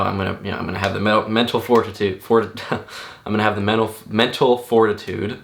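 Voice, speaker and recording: A young man with a very low voice and a gravelly fry tells a personal memory off the cuff. He talks in an earnest, halting way, often stopping and restarting his sentences. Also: a bit bright. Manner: halting, many restarts and fillers; stunned, earnest. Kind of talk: personal recollection, unscripted.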